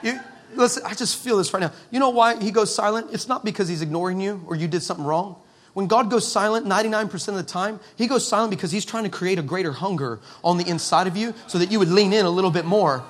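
A male preacher delivering a sermon with humorous storytelling, animated and acting out dialogue. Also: high-pitched, fast. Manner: animated, acts out dialogue, laughing asides. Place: church meeting room.

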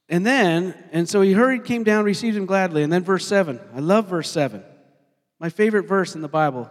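A male pastor preaching a sermon, talking in an animated way and putting questions to his congregation. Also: a little high. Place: church sanctuary. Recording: long hall reverb.

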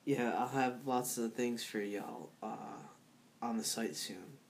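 A man's voice: mid-range voice, slow pace, slight background noise. A man hosting a podcast solo, chatting in a rambling, loose way full of fillers and restarts, laughing at his own remarks. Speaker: podcast host. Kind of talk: casual solo podcast talk.

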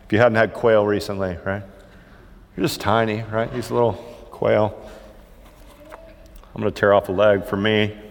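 A man's voice: fairly low pitch, level tone, normal speed, creaky, pauses often, long reverb tail, a little hiss or hum. A man preaching a sermon in a church, conversational and humorous, often checking in with "right?" as he goes. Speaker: pastor. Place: church sanctuary.

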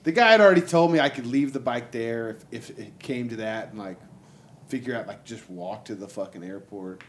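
A man telling a long road-trip story in casual, profane chat, jumping into higher voices to act out what people said. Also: a little fast, slight background noise. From Texas. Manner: animated, acts out quotes in a raised voice, lots of "like" and swearing. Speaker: storyteller guest.

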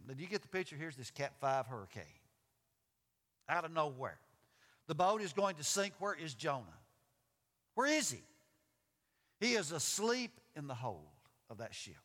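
A man's voice: on the high side, very animated, normal speed, long pauses, fairly bright tone, long reverb tail. A man preaching a sermon in an emphatic way, asking his listeners questions and reading scripture. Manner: emphatic, asks the audience questions. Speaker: pastor.

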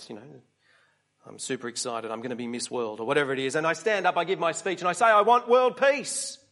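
A man's voice: sits high, a bit bright. A middle-aged man preaching a conversational sermon, often asking his listeners rhetorical questions.

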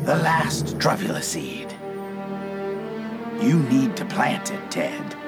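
A man's voice: mid-range voice, sing-song, takes it slowly. An actor playing a regretful, reclusive man who earnestly urges a boy to make a difference. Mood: urging. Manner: earnest, urging. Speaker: film character. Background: music score.

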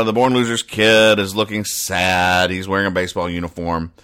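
A man's voice: low-pitched, level tone, moderate pace, pushed and bright, clean tone. A man hosting a comedy show, reading out comic strips and rambling about them in a self-mocking way, with bursts of acted lines. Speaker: comic strip reader and host. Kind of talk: casual comedic commentary.

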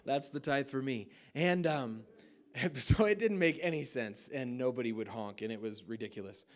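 Animated male pastor preaching at a service. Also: medium pitch, measured pace. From United States. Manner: lively humorous storytelling with loose fillers. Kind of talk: sermon. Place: church service.

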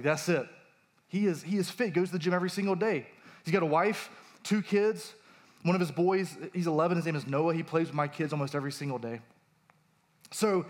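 A man in his thirties, a pastor, preaching a conversational sermon with personal stories and emphatic rises. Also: fairly high pitch.

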